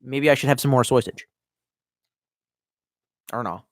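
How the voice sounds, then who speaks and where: Speaking at a moderate pace with medium pitch, a young man casually streams live, reading chat out loud and rambling profanely while slightly buzzed on wine. The sound is dry, clean studio audio.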